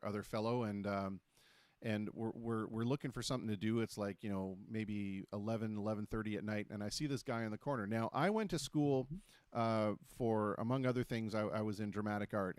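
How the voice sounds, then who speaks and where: A man's voice: on the low side, no echo. Man, host voice, casual chat, joking, stumbling restarts, dry studio mic. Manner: chatty storyteller, quick and jokey with many restarts. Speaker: talk show host.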